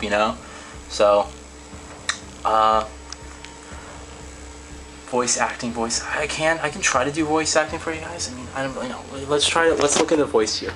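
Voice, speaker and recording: Bright-voiced man rambling in a vlog. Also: mid-range voice, slight background noise, low-quality recording. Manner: rambling and candid, reading viewer comments aloud. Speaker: vlogger.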